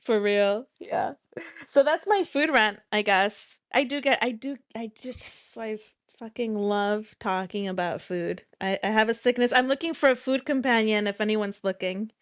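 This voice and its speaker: A woman's voice: mid-range voice, measured pace, no echo, studio quality. A woman co-hosting a podcast in casual chat, talkative and playful, laughing often. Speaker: podcast co-host.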